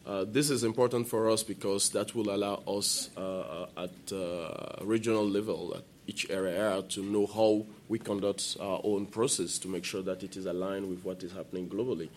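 A man on a conference panel speaking in a halting way with frequent pauses. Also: low voice, fairly even intonation, darkish tone, slight background noise. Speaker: panelist from a regional registry community.

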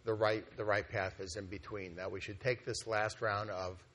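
In a conference meeting hall, an organization executive presents a plan in a loose, conversational style, often using fillers and restarting. His lowish voice is steady and fairly bright at normal speed, with a little hiss or hum in the audio.

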